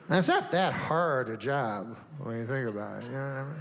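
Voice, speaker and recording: An older man doing a deadpan stand-up set, rambling through long setups with drawn-out pauses and sudden asides. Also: medium pitch, big-room sound, a little hiss or hum. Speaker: stand-up comedian.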